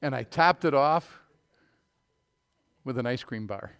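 A middle-aged man preaching a sermon, telling folksy stories before reading scripture in a loud, emphatic voice. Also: medium pitch, lively intonation, slow pace, vocal fry, smooth. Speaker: pastor.

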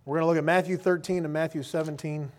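A man preaching a sermon with passion, swinging from quiet asides to loud calls and acting out the voices of others. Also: a little high, steady tone, quick pace. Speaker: pastor.

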